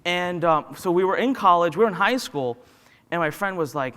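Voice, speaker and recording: A man's voice: sits high, normal speed. A man giving a motivational talk, telling personal stories and acting out the dialogue in them. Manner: animated storyteller who acts out dialogue. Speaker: motivational business speaker. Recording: long hall reverb.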